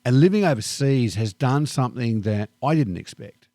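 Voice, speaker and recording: A middle-aged Australian man with an Australian accent, reflecting calmly and thoughtfully in a personal vlog monologue. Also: mid-range voice, no room sound, studio quality. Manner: calm, unhurried and thoughtful. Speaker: vlogger.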